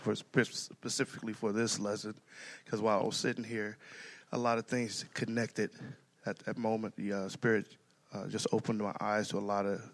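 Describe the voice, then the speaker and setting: A man's voice: fairly low pitch, little pitch movement, normal speed. A man from the congregation giving a hesitant spoken comment with many fillers. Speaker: congregation member.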